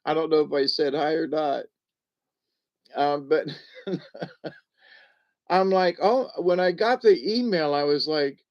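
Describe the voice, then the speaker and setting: A man's voice: fairly high pitch, a little slow, long pauses, a little mellow. A man in his seventies hosting a casual livestream, chuckling often and rambling with restarts as he reads the chat. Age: 70s. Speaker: livestream host reading chat.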